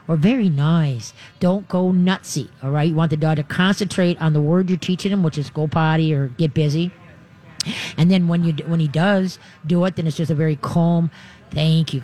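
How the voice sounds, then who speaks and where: Chatty, folksy man on talk radio. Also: fairly high pitch. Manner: chatty, folksy, animated advice-giving. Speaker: radio show host and dog trainer. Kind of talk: radio call-in advice show.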